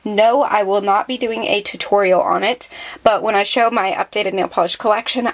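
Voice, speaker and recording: A young woman vlogger giving a casual tour of her bedroom, filming with a handheld camera as she moves around and chats in a rambling way with lots of fillers. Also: mid-range voice. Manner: chatty, rambling, many fillers. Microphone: handheld camera, moving around.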